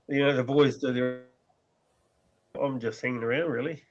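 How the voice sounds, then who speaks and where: A man's voice: mid-range voice, fairly even intonation, a little slow. A man with a pit crew role, speaking modestly and hesitantly over a video call. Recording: dull lo-fi internet call.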